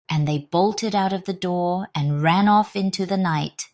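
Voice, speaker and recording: British woman, storybook reader, slow, low-pitched, deliberate. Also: darkish tone, no echo, studio quality. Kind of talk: storybook read-aloud.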